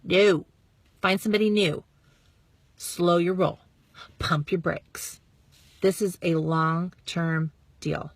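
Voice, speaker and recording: A woman in her thirties giving a bubbly, chatty motivational talk to her followers as a sales coach, acting out quick bits of dialogue. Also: fairly low pitch, steady tone, dry recording. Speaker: network marketing coach.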